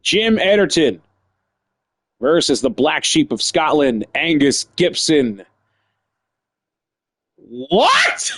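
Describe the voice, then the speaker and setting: Man, live game streamer, high lively voice, unhurried delivery, shouting, cursing, laughing, wrestling play-by-play. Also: no room sound. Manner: yells, swears and laughs at the game. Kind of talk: excited live play-by-play commentary.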